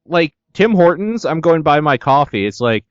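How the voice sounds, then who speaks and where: A man's voice: on the high side, big pitch swings, normal speed, no echo. A man co-hosting a podcast in casual chat, blunt and profane, ranting with glee. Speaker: podcast co-host. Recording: slightly dull dry sound.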